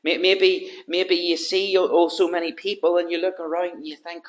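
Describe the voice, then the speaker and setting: A man's voice: high-pitched, level tone, moderate pace. A man preaching a sermon in an earnest manner, building his points through repeated rhetorical questions.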